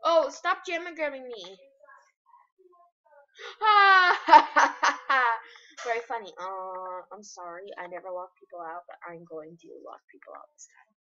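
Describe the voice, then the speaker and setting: A woman's voice: mid-range voice, brisk, few pauses, a bit bright, highs cut off. A young woman chatting and giggling while she plays an online game and talks to her viewers. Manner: chatty and giggly, often laughs mid-sentence. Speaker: game video creator. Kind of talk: casual gameplay commentary. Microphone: computer screen recorder mic.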